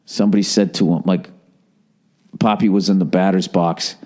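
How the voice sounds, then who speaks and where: A man's voice: deep voice, steady tone, moderate pace, a little mellow. A man hosting a podcast, telling a rambling, profane story in a casual, wry monologue. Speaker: podcast host.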